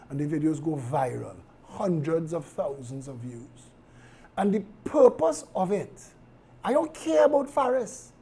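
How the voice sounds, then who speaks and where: A man with a Trinidadian accent hosting a live political commentary show, sharp and outspoken, moving between a calm measured tone and loud emphasis. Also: sits high, breathy edge.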